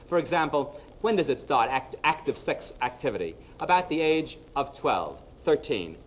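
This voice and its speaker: Male psychologist lecturing to a live audience; slightly higher voice, funny and quick with punchlines. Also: poor audio. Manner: lively storyteller, punchline-driven, addresses the audience directly. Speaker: psychologist giving a public lecture.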